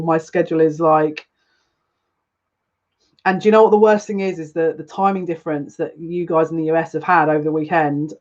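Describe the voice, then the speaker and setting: A woman's voice: low voice, highs cut off. A woman reading tarot on a live stream, chatting with viewers in an emotional, rambling way, greeting them by name and restarting her sentences. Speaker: psychic reader on a live stream.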